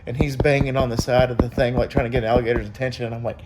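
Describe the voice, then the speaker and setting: A man's voice: medium pitch, fairly even intonation, racing, very noisy. A young man casually vlogging to his viewers, rambling through a story with many fillers. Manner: rambling, upbeat, lots of fillers and quoted voices.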